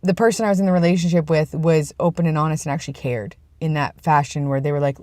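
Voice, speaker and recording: A man's voice: on the high side, fast, few pauses, dry recording. Earnest young man, dry close sound. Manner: earnest, rambling, with frequent restarts. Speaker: vlogger. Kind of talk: casual personal vlog. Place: outdoors, about to go inside.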